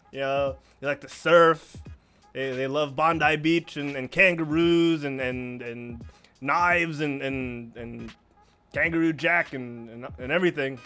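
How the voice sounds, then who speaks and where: A man with a high, bright voice takes his time over each word, milking a quiz answer with mock-serious deliberation on a gaming podcast. Light music plays faintly behind him. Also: clean tone. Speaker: podcast co-host, quiz contestant. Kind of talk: casual gaming podcast chat.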